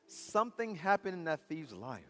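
A man preaching a sermon with passion, swinging from loud cries down to hushed near-whispers. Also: a little high, big pitch swings, normal speed, big-room sound, soft background music.

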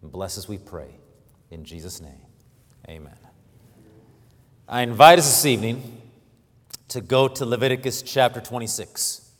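Cuban-born preacher, plain mid voice, unhurried; builds to loud emphatic scripture reading in a reverberant hall. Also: male voice, mid-range voice. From Cuba. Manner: stammering restarts, self-deprecating humor. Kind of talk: sermon. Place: church sanctuary.

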